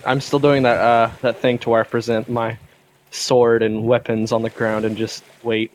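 Mid-pitched male player, earnest. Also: flat delivery, moderate pace. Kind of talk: casual tabletop game chat.

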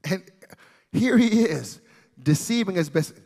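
Animated high-voiced male preacher. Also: normal speed, in a large hall. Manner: playful asides, builds to shouting. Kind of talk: animated storytelling sermon.

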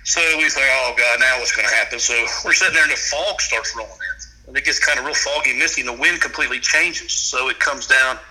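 A man spins a hunting yarn in a relaxed, folksy way, dropping into rural grammar and laughing as he goes. His voice is strikingly bright and has a radio-style quality. He sits at a middling pitch. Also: fast, rough recording. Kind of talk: casual storytelling.

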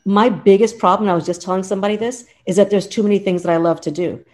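Now she talks fast, her mid-range voice steady and darkish in tone. The woman, in her fifties, is a lawyer and law professor appearing as a guest in a casual interview, heartfelt and earnest, with many restarts.

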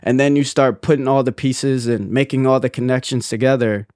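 A man's voice: mid-range voice, steady tone, brisk, darkish tone, no echo. Young man, casual podcast co-host, earnest rambling delivery, dry close sound. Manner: rambling, earnest, many restarts. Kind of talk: casual chat.

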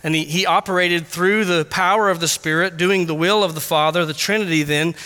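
High, bright-voiced man preaching in a hall. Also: fairly even intonation, brisk. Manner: earnest, rises to emphatic passion on key points, with restarts. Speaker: pastor. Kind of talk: expository sermon.

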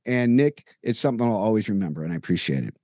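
A podcast co-host with a lowish, animated, quick, dark-toned male voice tells a long, detailed anecdote in casual conversation, acting out the dialogue as he goes. He's recorded in a home room with jerseys on the wall, with studio-quality sound and no room echo.

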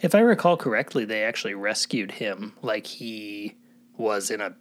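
A man's voice: lowish voice, animated, normal speed. A man co-hosting a podcast in casual chat, chatty and playful. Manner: chatty, playful, does voices. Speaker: podcast co-host.

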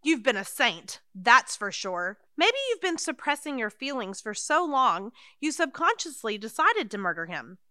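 A woman's voice: fairly high pitch, big pitch swings, normal speed, hardly any pauses, sharp tone, no echo, studio quality. An actress playing Mildred, a timid, fussy elderly woman in an audio drama. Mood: relieved. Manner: fussy, anxious, flustered.

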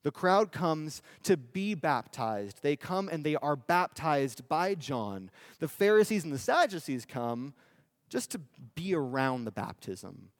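A male preacher giving a sermon in a conversational style, often asking the audience "right?" and slowing down for emphasis. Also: on the high side, sing-song, dry recording, studio quality. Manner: conversational, with tag questions and emphatic slowdowns.

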